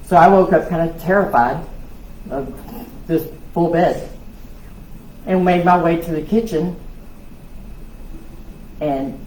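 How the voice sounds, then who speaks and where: Loud woman telling her story. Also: fairly low pitch, takes it slowly, long pauses. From South Louisiana. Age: 60s. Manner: loud, lively storytelling with laughs and acted-out voices. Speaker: women's conference speaker. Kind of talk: personal testimony talk. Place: church hall. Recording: echoey hall with faint noise.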